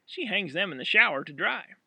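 A man's voice: high-pitched, lively intonation, brisk, gravelly, sharp tone, husky, no room sound, pitched above the performer's own voice, full character voice. A man voicing a tearful, anxious young woman in a storybook reading. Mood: apologetic. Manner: anxious, pleading.

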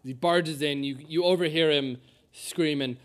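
A man narrating as game master of a tabletop game, halting, with many fillers and restarts. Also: a little high, steady tone.

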